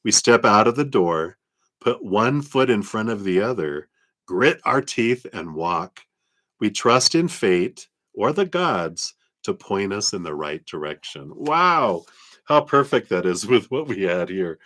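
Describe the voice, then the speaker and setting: A man reading tarot cards on a live stream, talking in a gentle, reflective way and laughing often. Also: on the low side, big pitch swings, unhurried. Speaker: tarot reader.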